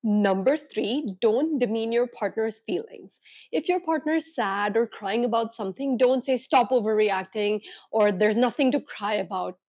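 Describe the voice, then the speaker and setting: A woman's voice: on the high side, moderate pace, dull audio. A young woman, a relationship coach, giving earnest, emphatic advice to camera and acting out the thoughts she quotes. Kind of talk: direct-to-camera advice vlog.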